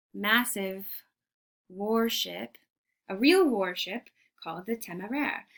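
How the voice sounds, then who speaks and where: A woman's voice: medium pitch, a bit bright. A woman art history teacher giving a recorded lecture, enthusiastic and full of rhetorical questions to her class.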